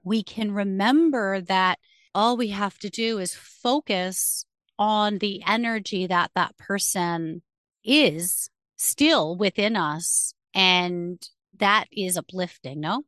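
A woman hosting a podcast, talking in a calm, measured way about spirit and connection. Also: mid-range voice, no echo, studio quality. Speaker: podcast host. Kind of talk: reflective spiritual conversation.

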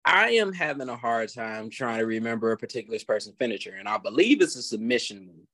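A man co-hosting a casual wrestling podcast who rambles in an animated way. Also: mid-range voice, fast. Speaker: podcast co-host.

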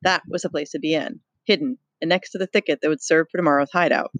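A teacher reading a novel aloud, pausing to explain and pose questions to the listener. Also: mid-range voice, steady tone, a bit bright, no room sound. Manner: explains and poses questions to the reader.

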